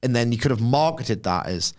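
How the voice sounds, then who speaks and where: Animated, opinionated man. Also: medium pitch, brisk. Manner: opinionated, animated, sarcastic asides. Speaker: podcast co-host. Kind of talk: casual podcast chat.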